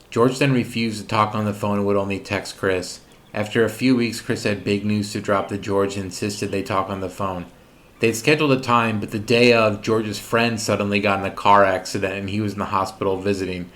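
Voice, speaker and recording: A man's voice: on the low side, fairly bright tone. A man hosting a commentary series, narrating a script with sarcastic, mocking asides.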